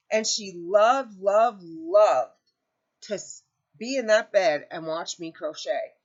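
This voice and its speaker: A woman's voice: on the low side, muffled recording. Rambling, emotional woman crafter. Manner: rambling, self-correcting storyteller; emotional, near tears. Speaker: crochet channel host. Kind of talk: casual chat to camera.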